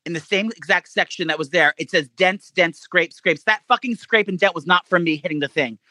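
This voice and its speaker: A man spins a story for his co-host at a rapid clip, his voice high and bright. He swears freely and jumps into a higher voice to act out what people said. The sound is dry and close. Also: no room sound. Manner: animated storyteller, swears a lot; acts out quotes in a high voice. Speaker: podcast co-host. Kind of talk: casual chat.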